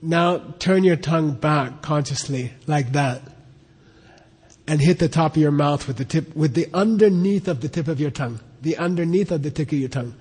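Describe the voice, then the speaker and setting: A man leads a class in a loose, talkative way. His voice sits a bit high and he keeps pausing to ask "okay?" and repeat points. The sound rings with long reverb, as in a large hall. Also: a little mellow, husky. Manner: chatty, repeats "okay?" to check on students. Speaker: teacher of Tibetan and Sanskrit texts. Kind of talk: informal classroom teaching.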